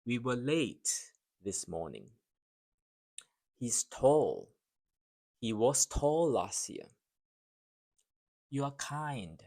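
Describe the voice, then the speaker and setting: Very slow, deliberate male English teacher. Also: medium pitch, very animated, mellow. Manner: deliberate, clearly spaced phrases for learners to repeat. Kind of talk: slow repeat-after-me language drill.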